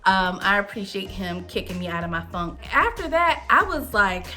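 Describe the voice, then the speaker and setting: A woman's voice: medium pitch, sing-song, moderate pace, sharp tone, soft background music. A woman in her thirties, host of a wine show, telling a personal story in a chatty, candid way. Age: 30s. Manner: chatty, candid, with frequent fillers.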